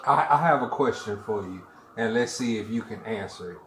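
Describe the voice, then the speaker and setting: A man hosting an interview, asking questions in a slow, deliberate way. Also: lowish voice, expressive, a bit bright. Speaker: interview host. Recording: echoey room with faint ambience.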